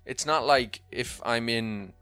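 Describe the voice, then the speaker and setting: Bright animated storytelling man. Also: mid-range voice, slow pace, smooth, soft background music. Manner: animated storytelling with quoted voices. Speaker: podcast co-host. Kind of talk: casual chat.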